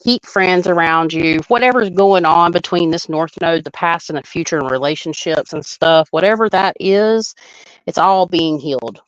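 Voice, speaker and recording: A woman's voice: fairly low pitch, normal speed, smooth, no echo, lo-fi sound. A woman hosting a live astrology chart reading, talking in a loose, chatty way and laughing often.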